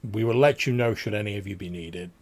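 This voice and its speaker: A man doing a low sonorous old duke. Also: fast talker, a little mellow. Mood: formal. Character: regal older male duke, commanding.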